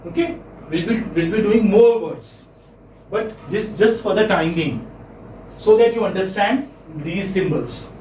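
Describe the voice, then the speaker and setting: A man's voice: sits high, unhurried, a little mellow, distant mic, slight background noise. Male teacher lecturing a class with checking questions; echoey classroom, mic some way off. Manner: repeats words, asks checking questions.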